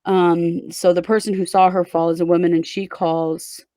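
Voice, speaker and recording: A woman's voice: fairly low pitch, flat delivery, normal speed, dark tone, dry recording. A woman hosting a true crime show, casually walking her co-host through a case step by step. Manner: conversational, recounts events step by step.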